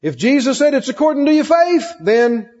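Emphatic high-voiced preacher in a reverberant hall. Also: male voice, big pitch swings, moderate pace, a little mellow. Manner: emphatic, repetitive, asks the congregation questions. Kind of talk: sermon. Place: church hall with congregation. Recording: muffled recording in a hall with long reverb.

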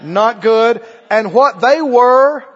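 A man's voice: extremely high pitch, animated, takes it slowly, a bit bright, big-room sound, muffled recording. A man preaching a sermon, firing repeated questions at his congregation. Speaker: pastor.

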